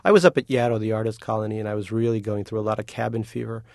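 A man being interviewed as a novelist, talking in an animated, joking way and laughing often. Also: on the low side, racing, vocal fry, dry recording, clean studio sound. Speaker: novelist guest. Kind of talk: casual interview chat.

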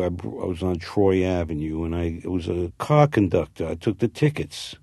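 A low-pitched, creaky, dark-toned voice at normal speed belongs to an actor guest with a slight New Jersey accent. He rambles and reminisces through a casual interview, frequently restarting sentences, in a clean studio recording without echo.

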